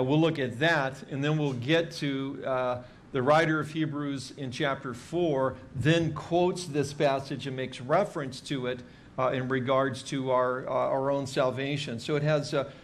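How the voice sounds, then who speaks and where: A man teaching a Bible passage in a relaxed, chatty sermon style, with many fillers and dry jokes. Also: mid-range voice, a little hiss or hum. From Hawaii. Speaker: pastor teaching a Bible study.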